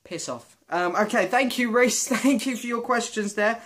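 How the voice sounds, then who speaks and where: A man's voice: extremely high pitch, normal speed, fairly bright tone. A young British man answering viewer questions in a casual, self-mocking vlog. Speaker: vlogger. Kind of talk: casual Q and A chat.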